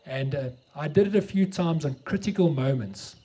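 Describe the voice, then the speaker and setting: A man's voice: on the high side, normal speed, dark tone, breathy edge. A middle-aged South African man with an Afrikaans accent, preaching a sermon and telling a story, mixing English and Afrikaans.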